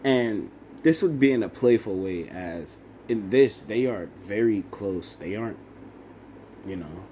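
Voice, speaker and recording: A young man improvising a fan-fiction story out loud, halting with fillers and self-corrections. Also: on the low side, animated, slight background noise.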